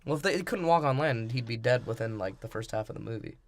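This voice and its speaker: A man's voice: medium pitch, quick pace, no room sound. A young man co-hosting a comedy podcast, recapping a movie in a laid-back, wry way and laughing easily. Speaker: podcast co-host. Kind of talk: casual comedic movie breakdown.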